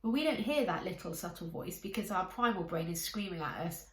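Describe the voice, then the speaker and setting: A woman coaching her listeners in a calm, encouraging way, speaking directly to them. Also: fairly low pitch, brisk. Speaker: life coach. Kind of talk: coaching talk to camera. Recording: echoey room.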